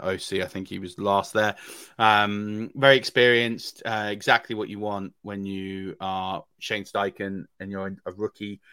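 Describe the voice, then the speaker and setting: A man's voice: on the low side, pushed and bright, clear, resonant tone, no echo. A man co-hosting a fantasy football podcast, giving casual analysis with many ums and restarts.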